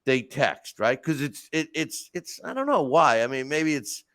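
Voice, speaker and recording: Animated man telling stories. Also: a little high, a little slow, no room sound. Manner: animated storytelling, frequent restarts and asides. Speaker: podcast host. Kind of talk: casual monologue.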